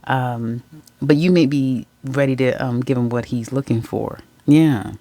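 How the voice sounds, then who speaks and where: Gravelly, chatty tarot reader. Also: mid-range voice, measured pace, warm tone, no room sound. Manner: chatty and candid, laughs often, corrects own slips; addresses viewers familiarly as guys, ladies, baby. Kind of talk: casual general tarot reading to viewers.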